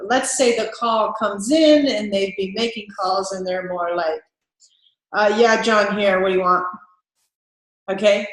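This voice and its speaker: A woman's voice: mid-range voice, fairly bright tone, echoey room, poor audio. A woman sales trainer giving an upbeat talk to camera, laughing often and acting out sample phone calls.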